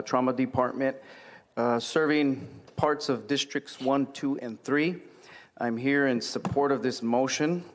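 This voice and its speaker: A man from an injury prevention program giving a hesitant public comment with many fillers. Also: mid-range voice. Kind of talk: public comment at a county board meeting.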